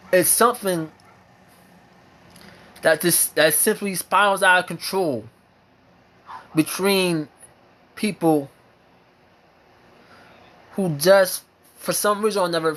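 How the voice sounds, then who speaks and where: A high-pitched American man speaking at a slow, deliberate pace. He delivers a fired-up opinion monologue, pressing each point with repeated lines and blunt swearing. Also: bright, forceful tone. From United States. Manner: emphatic and repetitive, hammering points with repeated phrases and swearing. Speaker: vlogger sharing opinions.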